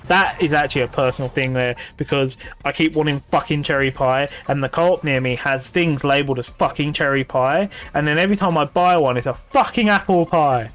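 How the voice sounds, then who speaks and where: A man's voice: fairly high pitch, a little fast, few pauses, fairly bright tone, soft background music. Swearing, ranting man streamer. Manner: swears freely, ranting and exasperated. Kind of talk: casual gaming stream chat.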